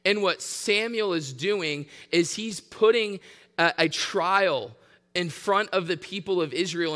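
Bright-voiced man preaching in a hall. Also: high-pitched. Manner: earnest teaching, reads scripture aloud. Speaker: pastor. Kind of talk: sermon.

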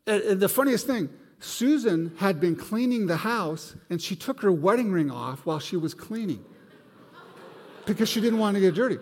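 Preaching to his church, a pastor with a high, breathy-edged voice tells a personal story and acts out each character's voice. A long reverb tail follows his words through the sanctuary.

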